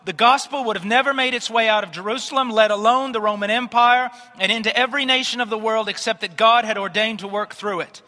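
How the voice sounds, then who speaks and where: A man's voice: high voice, quick pace, hardly any pauses, sharp tone. A man preaching a sermon, emphatic and declarative. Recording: long hall reverb.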